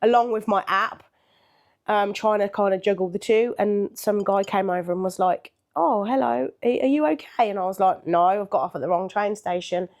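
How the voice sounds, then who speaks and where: A woman's voice: mid-range voice, little pitch movement, normal speed. An older woman, a podcast co-host, telling a story in casual chat with a chatty manner, laughing often and acting out what people said.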